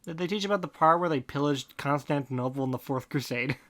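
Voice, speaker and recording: A podcast host reading fan fiction aloud in a deadpan tone, breaking off for snarky comments. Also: mid-range voice, fast. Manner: deadpan reading broken by snarky asides and laughter. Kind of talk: comic fanfic reading with asides.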